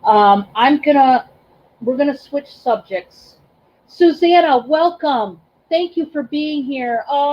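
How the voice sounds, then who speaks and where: In lo-fi sound, a woman whose voice sits high hosts a casual livestream as a reseller. Effusive and emotional, she thanks her viewers by name, her speech full of ums and restarts.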